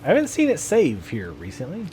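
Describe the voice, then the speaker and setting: A man's voice: medium pitch, huge pitch swings, brisk, dark tone, slight background noise. A man chatting casually as he plays a video game, musing aloud and laughing often. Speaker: gameplay video host. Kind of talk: casual gameplay commentary.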